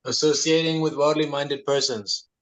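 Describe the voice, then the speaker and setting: A man in a class giving short, halting answers to the teacher's questions. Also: a little high, fairly even intonation, a bit bright. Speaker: student. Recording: distant voice in an echoey hall.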